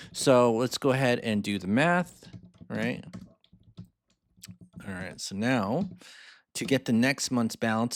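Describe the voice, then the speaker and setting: A man's voice: lowish voice, no echo. Upbeat man walking through spreadsheet math. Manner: upbeat, reads numbers aloud twice and checks in with "right?". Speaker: finance mentor. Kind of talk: screen-share spreadsheet tutorial.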